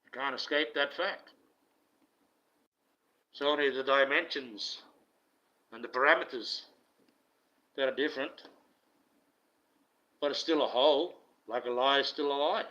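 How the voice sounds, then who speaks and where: A man's voice: medium pitch, measured pace, pauses often, sharp tone. Blunt, profane man ranting. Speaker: self-styled online preacher. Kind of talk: ranting monologue. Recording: dull lo-fi recording.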